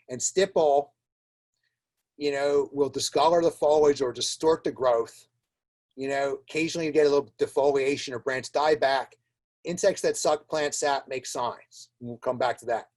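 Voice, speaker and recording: A man giving an informal webinar lecture on plant diagnostics, chatty and wry, full of fillers and repeated words. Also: mid-range voice. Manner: wry, laughs at his own jokes.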